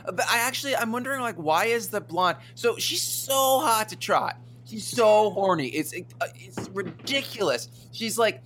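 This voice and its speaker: A man in his thirties with a bright, fairly high voice rants about a ridiculous movie, swearing and tripping over restarts as he goes. A faint hum sits in the background. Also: moderate pace, hardly any pauses. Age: 30s. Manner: animated, profane, stumbling restarts. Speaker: podcast co-host. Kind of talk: casual movie review chat.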